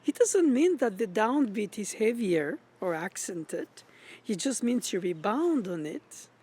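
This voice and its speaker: A man teaching about music. He pauses to search for words and sings rhythms and note names to make his points. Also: high voice, lively intonation, a little mellow, breathy edge. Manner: thoughtful, pausing, searching for words. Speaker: piano teacher. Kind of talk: musical lecture.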